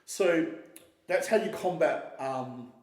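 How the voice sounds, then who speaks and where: A man's voice: fairly high pitch, slow pace. A man talking casually and at length, rambling, swearing often and restarting his sentences. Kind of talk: casual conversation. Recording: echoey roomy sound.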